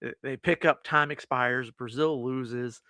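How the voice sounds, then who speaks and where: A man co-hosting a laid-back movie review chat, his voice bright and forward, recorded close and dry. He rambles through the plot and acts out the lines of the characters as he goes. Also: medium pitch, steady tone, measured pace, dry recording. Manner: rambling, retells scenes with quoted lines. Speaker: podcast co-host.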